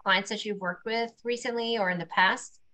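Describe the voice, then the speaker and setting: A woman's voice: medium pitch, fairly even intonation, moderate pace, bright, forceful tone, rough recording. A woman hosting an interview, speaking earnestly and emphatically about spiritual ideas. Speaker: podcast host. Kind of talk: interview conversation.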